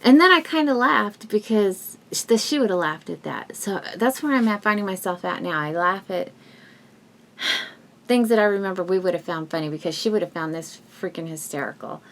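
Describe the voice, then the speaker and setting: A woman vlogger talking casually and emotionally to her viewers at home, rambling with restarts and soft laughs. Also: medium pitch, expressive, normal speed. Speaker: YouTube vlogger. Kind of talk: casual heartfelt talk to viewers.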